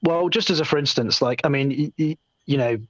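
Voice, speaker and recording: A man's voice: fairly high pitch, brisk, fairly bright tone, no room sound, lo-fi sound. A British man in a casual group chat, talking in a rambling, hesitant way. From Britain. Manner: rambling, hesitant, self-deprecating.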